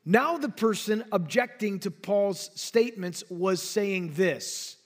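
Male preacher, high-pitched voice, emphatic and dynamic sermon delivery. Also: expressive, slow pace. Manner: emphatic, dynamic delivery with sudden drops and bursts. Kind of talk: expository sermon.

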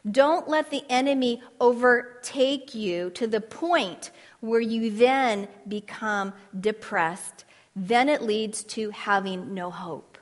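A woman preaching a sermon, earnest and emphatic, with dramatic pauses. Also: fairly high pitch, fairly bright tone. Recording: long hall reverb.

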